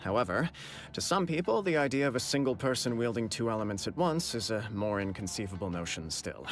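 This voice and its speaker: Deliberate game official, persuasive, animated pitch. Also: male voice.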